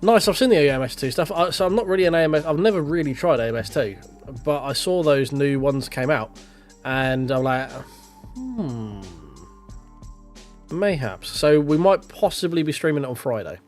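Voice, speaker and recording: A man's voice: a little high, a little fast, soft background music. A man chatting loosely to his stream while driving a racing sim, thinking aloud and swearing casually. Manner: rambling, self-talking, casual swearing. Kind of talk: live gameplay commentary.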